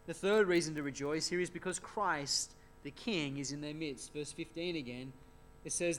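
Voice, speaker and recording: A man's voice: on the high side, normal speed, a bit bright, a little hiss or hum. A man preaching an expository sermon in an earnest way, often asking rhetorical tag questions.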